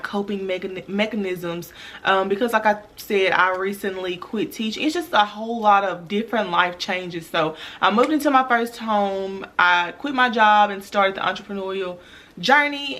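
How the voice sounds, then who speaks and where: Bright-voiced chatty woman vlogger. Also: mid-range voice. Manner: chatty, slangy, talks straight to viewers. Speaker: vlogger and former teacher. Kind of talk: storytime vlog.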